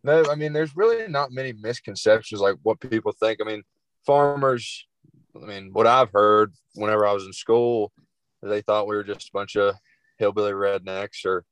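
A young man, a cattle farmer guest, answering interview questions in a halting way with many restarts. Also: on the low side, clean tone, no echo, poor audio.

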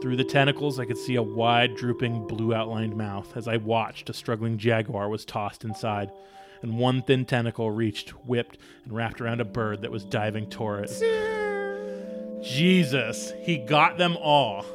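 A man's voice: medium pitch, animated, a little slow. Laid back guy cohost, plain middle voice, reads bits of the book aloud, faint music under. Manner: agreeable, dry, reads passages in first person. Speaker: podcast co-host. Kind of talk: casual book discussion and reading aloud.

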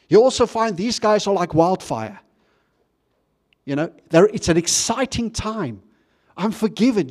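High-voiced pastor preaching conversationally. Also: male voice, a little mellow. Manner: conversational, stumbling restarts; asks the congregation questions. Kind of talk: sermon.

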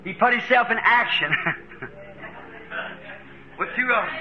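An American man preaching a fervent sermon, chuckling between lines and rising to shouts. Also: extremely high pitch, measured pace, lo-fi sound, crowd noise. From United States.

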